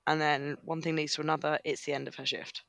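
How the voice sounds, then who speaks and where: A man co-hosting a podcast, chatting crudely with lots of "like" and quick reactions. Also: fairly high pitch, little pitch movement, vocal fry, fairly bright tone, slight background noise. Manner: crude, reactive, says "like" a lot. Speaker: podcast co-host. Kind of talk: casual chat.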